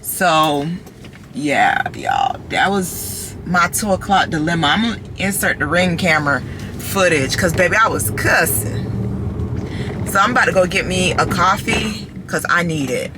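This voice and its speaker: A woman vlogging casually to her phone camera, animated and chatty, calling her viewers "baby" and "child.". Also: fairly low pitch, measured pace, background noise.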